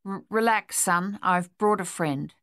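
A woman reading the part of a kindly American army captain in an audiobook, gentle and reassuring. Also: medium pitch, measured pace, no echo, studio quality, natural voice.

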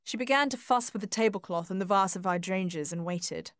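Dry, measured woman narrator. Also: mid-range voice, dry recording. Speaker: audiobook narrator. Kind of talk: scripted narration.

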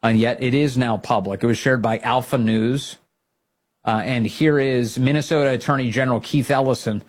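A man hosting a political talk show, giving emphatic, fired-up commentary that rises to loud exhortations. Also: mid-range voice, fairly even intonation, moderate pace. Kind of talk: opinionated commentary.

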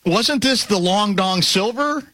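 A man hosting a talk radio show, rambling and animated, often breaking off and restarting his sentences. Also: sits high, measured pace, dry recording. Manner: animated, rambling, self-interrupting.

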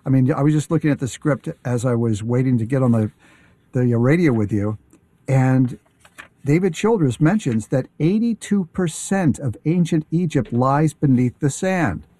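A man talking casually as a guest on a radio show, enthusiastic but halting, with many fillers and restarts. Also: medium pitch, expressive, warm tone, no echo.

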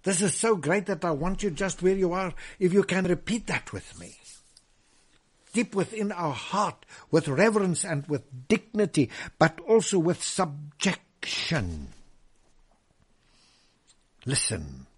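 Husky man preaching with dramatic swings. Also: sits high, very animated. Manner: dramatic swings from loud proclamation to hushed whisper; drawn-out emphatic reading of scripture. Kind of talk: sermon.

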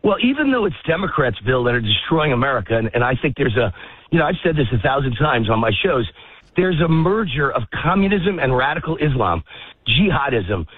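A man's voice: on the high side, breathy edge, no room sound. Breathless man ranting over a phone line. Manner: heated, emphatic, rapid-fire ranting. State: out of breath, walking a dog. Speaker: political commentator guest. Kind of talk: phone-in talk radio interview. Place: outdoors in a park, walking.

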